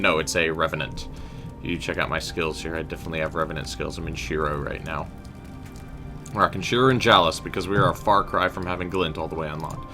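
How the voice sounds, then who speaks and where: A man's voice: low voice, pushed and bright. A young man casually commenting while playing a game, chatting with viewers and joking. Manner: chatty, addresses chat as guys, slangy. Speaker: game streamer. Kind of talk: casual let's-play commentary.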